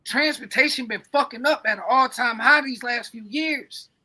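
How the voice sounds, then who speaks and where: A man's voice: very high voice, normal speed, pushed and bright. A man co-hosting a podcast, rambling in casual, profane, emphatic chat. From coastal United States. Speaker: podcast co-host.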